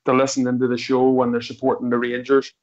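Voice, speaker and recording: A man's voice: mid-range voice, monotone, fast talker, highs cut off. A man talking enthusiastically about the club's supporters around the world, ending many of his phrases with "mate". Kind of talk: casual chat.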